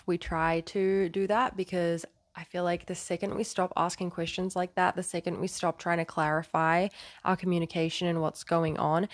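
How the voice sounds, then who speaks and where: A woman's voice: lowish voice, no room sound. A woman giving earnest relationship advice to camera in a casual, explanatory way. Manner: earnest, explanatory, acts out quoted lines. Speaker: relationship advice video host.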